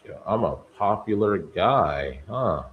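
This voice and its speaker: A low-voiced man hosts a live trading stream from his desk, musing out loud and bantering with each ticker he scans. A faint hum of room ambience sits under his voice. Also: animated, slow pace, phone-quality sound. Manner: talks to stocks like people, musing and bantering. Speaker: day trading stream host. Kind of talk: live market commentary.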